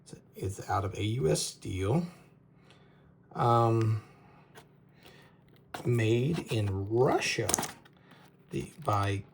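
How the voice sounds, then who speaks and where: Brief: male host, unhurried and gravelly, casual rambling product reviewer. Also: on the low side, expressive, slight background noise. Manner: rambling, halting, stumbles over names with laughs. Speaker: knife reviewer, show host.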